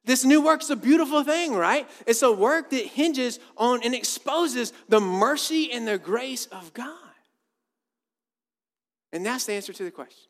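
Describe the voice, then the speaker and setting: A man's voice: extremely high pitch, animated, unhurried. A man preaching a sermon as a pastor, casual and conversational, often repeating his words. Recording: long reverb of a church hall.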